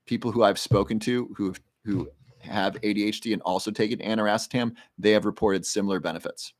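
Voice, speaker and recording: A man's voice: fairly low pitch, fairly even intonation, fairly quick. A man hosting a casual livestream Q&A, reading viewer questions aloud and explaining health research in a rambling, conversational way.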